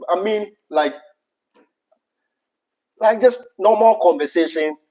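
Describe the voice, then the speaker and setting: Ghanaian man co-hosting a live chat, Pidgin mixed in, fairly high voice, lo-fi audio. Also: slow pace, mellow. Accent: Ghanaian English. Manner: laughs often, slips into Pidgin. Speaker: livestream co-host. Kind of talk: casual livestream chat.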